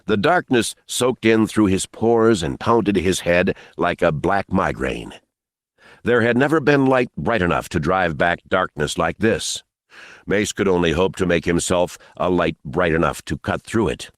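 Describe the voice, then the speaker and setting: A man reading an audiobook in an expressive, dramatic narration style. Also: low-pitched, measured pace, no room sound, studio quality. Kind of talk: scripted narration.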